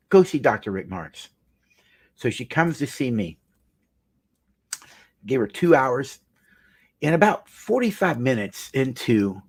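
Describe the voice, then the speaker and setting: A man's voice: mid-range voice, slightly rough. A middle-aged male marriage counselor telling a client story in an earnest, emphatic way, often repeating phrases for weight. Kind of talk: storytelling talk.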